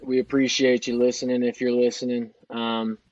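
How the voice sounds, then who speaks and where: A man's voice: medium pitch, level tone, normal speed, darkish tone, lo-fi sound. A man co-hosting a podcast, trading joking, teasing banter in casual sports chat. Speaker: podcast co-host.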